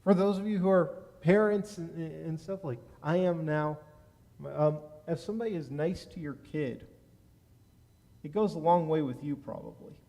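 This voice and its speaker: A rabbi preaches from the pulpit, his voice sitting a little high for a man. He tells a story from his own life with animated energy and gets loud at the big moments. Every word rings out through a large, reverberant sanctuary. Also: normal speed. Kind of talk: sermon with personal anecdote. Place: synagogue sanctuary. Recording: long reverb of a large hall.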